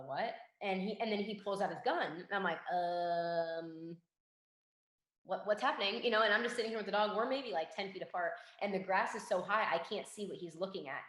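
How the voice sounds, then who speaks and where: A young woman, a forensic investigator, telling a story in a casual interview and acting out the quoted dialogue in a lively way. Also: mid-range voice. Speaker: guest, forensic investigator and K9 handler. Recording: roomy echo.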